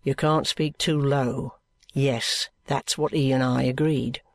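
A woman reading aloud and voicing a wary young man who speaks gravely in a low hush. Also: steady tone, slow, no echo, studio quality, heavily acted.

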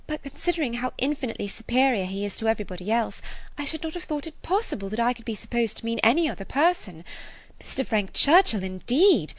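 A woman reading as an excitable naive young lady, gushing, breathless, high lively exclamations, dry close sound. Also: dry recording, natural voice. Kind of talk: audiobook character voice.

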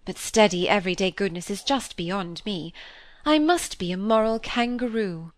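A woman reads a classic novel aloud, giving voice to a candid, restless young woman who mocks herself. Her delivery is lively, wry and confiding, in a natural, medium-pitched voice at normal speed. The recording is dry and close.

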